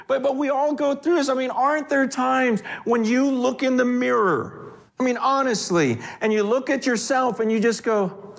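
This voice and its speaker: A man preaching in a loose, conversational way, with a voice that sits high for a man. He is lively and animated and slips into the voices of the people he quotes. It feels like talking with the congregation more than preaching at them. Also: moderate pace. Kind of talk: sermon.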